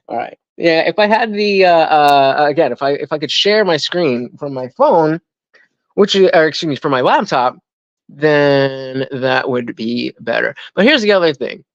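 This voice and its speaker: A man's voice: on the high side, animated, a little slow, no room sound, lo-fi sound. A young man chatting casually on a live stream at home, rambling and interrupting himself with jokes. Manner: rambling, self-interrupting, jokey. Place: at home indoors. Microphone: desk microphone.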